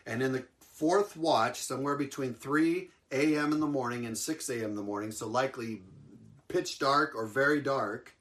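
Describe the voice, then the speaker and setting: Man, preacher, sermon, animated storytelling, chuckles often, mid-pitched voice.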